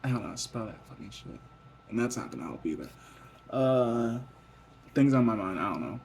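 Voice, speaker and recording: A man's voice: mid-range voice, lively intonation, brisk, gravelly, darkish tone, a little hiss or hum. A young man vlogging a rambling, profane late-night monologue that drifts between mutters and whispers.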